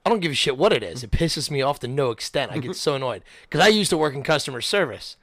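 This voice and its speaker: A man's voice: medium pitch, animated, quick pace, a bit bright, no room sound, studio quality. A man co-hosting a casual podcast, cracking jokes and complaining in irritated bursts. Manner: wisecracking, irritable. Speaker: podcast co-host.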